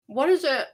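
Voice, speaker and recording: A woman player on a game stream, bright and high-pitched with a lively, swooping voice. She giggles often and sometimes talks with food in her mouth. Her sound drops in and out on a shared mic. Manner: giggly, animated, talks while eating. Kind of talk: casual chat on a live game stream. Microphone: shared mic that cuts out.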